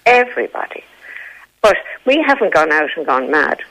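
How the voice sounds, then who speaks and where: A woman's voice: sits low, big pitch swings, normal speed, fairly bright tone, low-quality recording. An Irish woman in her eighties, from Dublin, chatting forthrightly on a radio panel and telling stories. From Dublin, Ireland. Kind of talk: casual radio chat.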